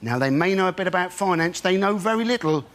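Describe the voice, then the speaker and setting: A man's voice: sits high, animated, fast, background noise. A man performing a punchy, mock-exasperated stand-up routine on a comedy show.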